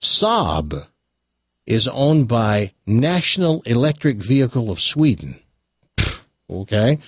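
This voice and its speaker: Talk show guy rattling off facts w wry little asides, husky voice, dry sound. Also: medium pitch, sing-song, slow, no room sound. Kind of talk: casual chat and joke telling.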